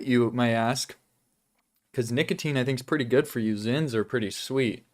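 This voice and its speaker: A man's voice: medium pitch, normal speed. A young man hosting a casual weekly vlog, chatting loosely about his life while chewing gum and swearing now and then. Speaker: vlog host.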